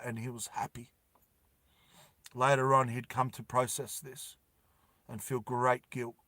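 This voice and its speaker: A man narrating a story dramatically, repeating lines and dropping soft for emotional moments. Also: mid-range voice, dry recording.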